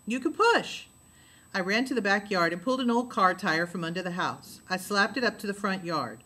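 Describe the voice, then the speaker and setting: A woman narrating a novel aloud in a steady storytelling voice. Her tone is bright and forward, with a middle pitch. She lowers her voice for the dialogue tags. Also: a little fast. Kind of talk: audiobook reading of a novel.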